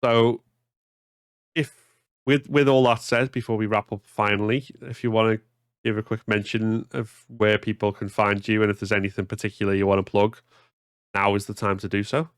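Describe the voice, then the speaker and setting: A man hosts a relaxed podcast, stumbling over his first words before settling in. His voice sits fairly low and sounds dry and close to the mic. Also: normal speed, dry recording. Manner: hesitant, repeats words when starting. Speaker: podcast host. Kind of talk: casual podcast chat.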